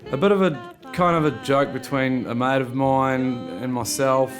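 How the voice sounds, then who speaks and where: A man's voice: mid-range voice, normal speed, faint music behind. A man with a New Zealand accent being interviewed, talking in a casual, rambling way.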